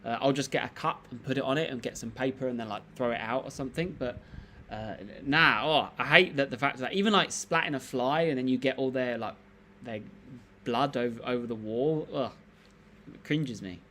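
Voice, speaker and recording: A man's voice: mid-range voice, brisk, bright, forceful tone, slight background noise. A man hosting a live stream, chatting casually and reading out comments in a rambling, laid-back way with lots of fillers and restarts.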